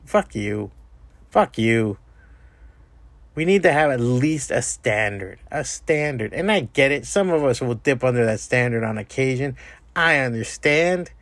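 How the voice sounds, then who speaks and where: A man's voice: a little high, animated, moderate pace, no echo. A man hosting a solo podcast, delivering a profane, exasperated rant. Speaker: podcast host. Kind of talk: ranting solo podcast monologue.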